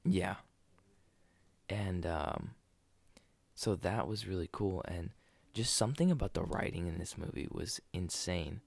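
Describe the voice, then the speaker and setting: A man's voice: sits low, a little slow, creaky, no room sound. A man co-hosting a podcast, talking casually about movies, rambling and restarting his sentences. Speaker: podcast co-host. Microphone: desk podcast mic.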